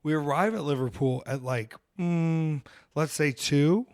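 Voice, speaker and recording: A man with a slightly higher voice tells rambling, jokey wrestling stories in loose podcast chat. The room is dry and close, with no echo around him. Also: unhurried, darkish tone. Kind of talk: casual chat.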